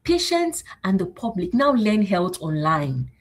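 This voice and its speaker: Rallying woman with a husky voice. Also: a little slow. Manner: animated, repetitive and rallying, acting out exchanges in higher voices. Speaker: host. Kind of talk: motivational livestream talk.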